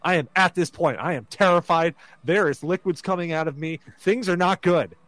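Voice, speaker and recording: A man's voice: on the high side, normal speed, no echo. A man telling a dramatic personal story on a casual podcast, full of fillers like "like". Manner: animated, dramatic retelling with filler words. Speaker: podcast co-host.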